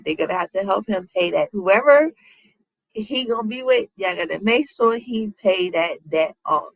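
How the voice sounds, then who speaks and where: A woman's voice: medium pitch, expressive, moderate pace, gravelly, no room sound, poor audio. A woman streamer reacting casually to celebrity news, talking straight to her viewers with rhetorical questions. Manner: talks to chat, rhetorical questions, African American Vernacular English phrasing.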